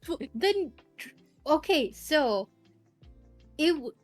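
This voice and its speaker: High, lively, bewildered woman guest. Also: dry recording, faint music behind. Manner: bewildered, quick interjections. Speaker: guest streamer. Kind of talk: casual chat. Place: home streaming setup.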